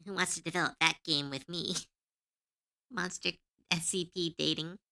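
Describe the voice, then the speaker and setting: A woman's voice: fairly low pitch, steady tone, moderate pace, pushed and bright. A woman streamer chatting casually while she draws on a live stream, giggling often and musing aloud.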